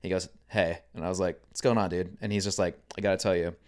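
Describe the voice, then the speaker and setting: Animated young man telling stories. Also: sits low, fast talker. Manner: animated storyteller, acts out quoted voices. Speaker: podcast guest, content creator. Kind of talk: casual chat.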